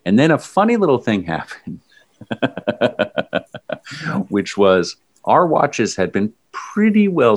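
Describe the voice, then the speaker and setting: A man with a very deep voice recounts a long run in relaxed conversation. He tells it as an animated story and sometimes jumps up into loud mimicry. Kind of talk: casual chat recounting a run.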